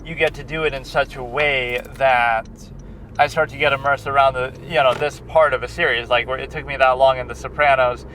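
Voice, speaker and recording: A man's voice: medium pitch, fairly even intonation, a little fast, bright, forceful tone, a little hiss or hum. A man and film critic chatting in a rambling, casual vlog, often restarting his sentences, recorded on a handheld recorder outdoors. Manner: meandering, many restarts and fillers.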